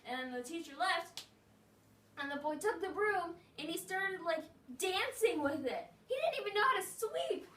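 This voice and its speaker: A woman's voice: very high-pitched, expressive, normal speed, sharp tone. A woman telling a rambling story in casual speech, full of "like", acting out the voices of the people in it. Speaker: vlogger. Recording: roomy echo, a bit distant, faint noise.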